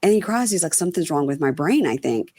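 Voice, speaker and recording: A woman's voice: deep voice, very animated, fast talker, mellow, no echo, studio quality. A woman hosting a casual podcast, recapping a reality episode and acting out people's lines, with frequent ums and swearing. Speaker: podcast host.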